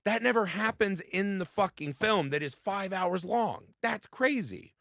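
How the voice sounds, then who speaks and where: A man's voice: high voice, measured pace, vocal fry, no echo, clean studio sound. A man in his thirties co-hosting a podcast, arguing emphatically about a film in casual chat and often tagging lines with "right?". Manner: animated, emphatic, repeats "right?". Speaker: podcast co-host. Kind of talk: casual movie review chat.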